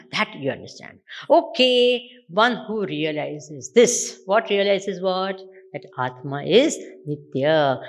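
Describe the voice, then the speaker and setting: Woman spiritual teacher, Indian English accent, medium pitch, animated questioning discourse style. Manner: asks the audience repeated rhetorical questions. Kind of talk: Vedanta discourse with questions to listeners.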